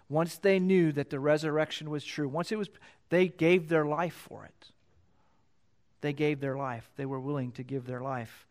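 A pastor preaching a sermon, reading scripture aloud and repeating key phrases for emphasis. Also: male voice, fairly even intonation, moderate pace. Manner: reads scripture louder and higher, then drops low to explain.

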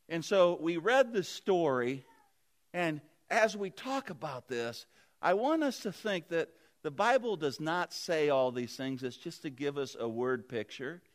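A man preaching a sermon, retelling a Bible story earnestly and vividly with restarts. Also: fairly high pitch.

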